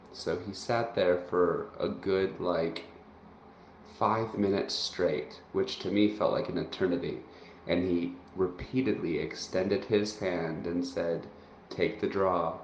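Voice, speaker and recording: Deep flat guy telling a chess story, kinda muffled and echoey. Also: a little hiss or hum. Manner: relaxed storytelling with fillers. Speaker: guest chess master. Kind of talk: casual anecdote. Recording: muffled roomy remote recording with faint ambience.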